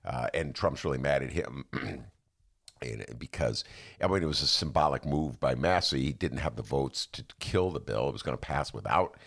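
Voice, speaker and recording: A man with a very low, gravelly voice, talking about politics in a loose, rambling way. His pitch swings widely as he breaks off mid-sentence and laughs. He hosts the show from his home attic. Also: animated, normal speed, fairly bright tone. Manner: rambling, self-interrupting, laughs often. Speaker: podcast host. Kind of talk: casual political chat.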